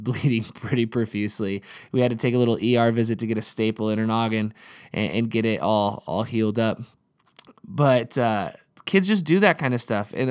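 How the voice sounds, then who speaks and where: A man in his thirties, a pastor and father, preaching a sermon in a conversational, storytelling way and repeating key lines for emphasis. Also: medium pitch.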